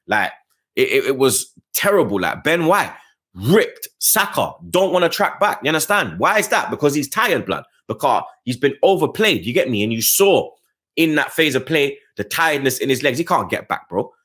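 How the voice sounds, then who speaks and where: A man's voice: big pitch swings, a little fast, a bit bright. Slangy man reviewing football. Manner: slangy, keeps adding "blood, you get me"; passionate, rising pitch on key points. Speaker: football fan channel host. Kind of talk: casual match review.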